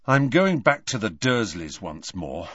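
A man's voice: on the low side, very animated, measured pace, fairly bright tone, husky, no room sound, lo-fi sound, exaggerated voice. A man voicing a determined, defiant teenage boy in an audiobook. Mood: earnest.

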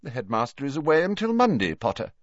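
A man voicing a strict older woman professor in a storybook reading, clipped and brisk, on a dull, dry recording. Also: mid-range voice, wildly swooping pitch, dry recording, voice pushed up. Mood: tart.

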